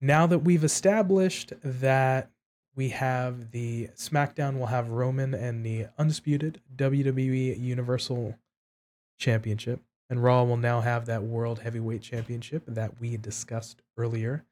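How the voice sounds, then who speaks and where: A man with a mid-range voice talks through a casual podcast chat. He speaks in a measured way and thinks aloud as he goes. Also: mid-range voice, steady tone, a little mellow. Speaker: podcast co-host.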